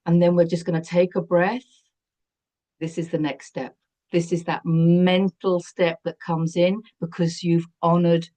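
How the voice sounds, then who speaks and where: A woman giving a spiritual tarot reading, speaking gently and calmly, often laughing softly. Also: fairly low pitch. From United Kingdom. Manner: soft, gentle, breathy calming guidance with frequent laughs. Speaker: tarot reader.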